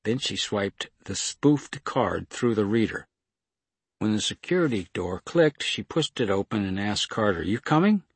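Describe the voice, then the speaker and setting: Male audiobook narrator, measured and steady, husky tone, dry close recording. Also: on the low side, dry recording. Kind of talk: scripted narration.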